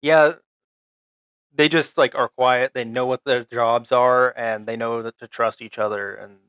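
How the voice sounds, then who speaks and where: A young man co-hosting a podcast, recapping a show in a halting, rambling way full of fillers and restarts. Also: medium pitch, steady tone, a bit bright, clear, resonant tone, no room sound. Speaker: podcast co-host.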